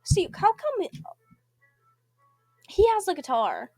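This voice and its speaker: A woman's voice: very high voice, huge pitch swings, takes it slowly, warm tone, no room sound, soft background music. A young woman playing a story game, reading its text aloud and rambling with giggly asides that trail off mid-word. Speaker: gamer.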